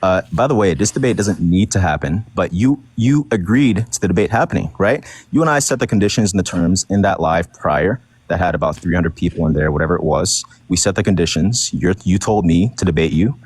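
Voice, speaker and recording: A man's voice: deep voice, brisk, few pauses, a little mellow, breathy edge, no room sound. A man in a heated online debate, combative and repetitive, talking over the others. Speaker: debate guest.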